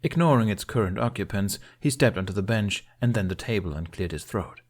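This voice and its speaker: Male narrator for a fan fiction audiobook, low-pitched, steady delivery. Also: brisk. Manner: steady, storytelling.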